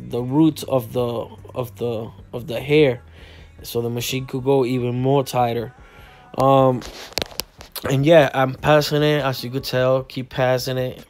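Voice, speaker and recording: A man's voice: medium pitch, a little mellow. A tired man whose first language is Spanish, a barber who rambles and repeats himself while he explains a cut as he works. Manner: rambling, repeats words and says "you know what I mean". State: tired, yawning. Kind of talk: casual tutorial narration while working. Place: barbershop lounge.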